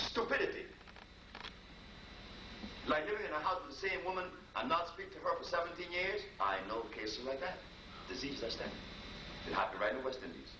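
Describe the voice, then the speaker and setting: A man spins a long anecdote for a live crowd, his pitch rising and falling freely. He is picked up from a distance in an echoey room. A clear background noise runs throughout. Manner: lively, conversational, repetitive storytelling. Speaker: healer giving a talk. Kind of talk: anecdotal lecture storytelling. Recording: roomy, distant, noisy live recording.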